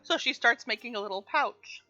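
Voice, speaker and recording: Chatting casually on a gaming stream, a woman tells stories animatedly and acts out scenes with loud squeals. Her fairly high voice moves at normal speed, the highs are cut off, and faint music plays behind her.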